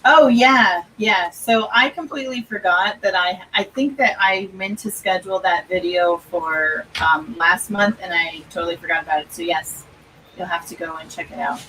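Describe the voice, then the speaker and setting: A woman's voice: on the low side, moderate pace, pushed and bright, far from the mic, low-quality recording. Woman, livestream host, casual chat, reads comments aloud, faint background hiss.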